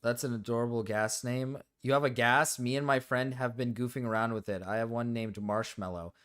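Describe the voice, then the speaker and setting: A man live-streaming casually, reacting to videos and talking to chat, excitable and quick to yell, then sheepishly apologize. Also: medium pitch, clear, resonant tone. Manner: excitable, swings between yelling and sheepish apologies.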